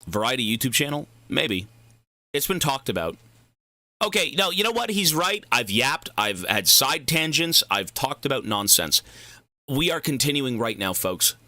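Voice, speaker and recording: A man's voice: medium pitch, sing-song, moderate pace, pushed and bright, no echo. A young man streaming a game, chatting casually in long, profane, rambling tangents. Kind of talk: casual livestream chat.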